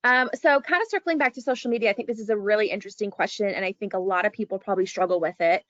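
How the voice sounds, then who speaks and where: A woman moderating a webinar panel, friendly and relaxed, heard over a video call. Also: mid-range voice, racing, no echo, lo-fi sound.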